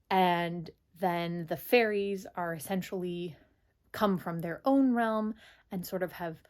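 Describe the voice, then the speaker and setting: A woman's voice: on the low side, a little mellow. A young woman giving a casual, chatty book review, full of "like" fillers.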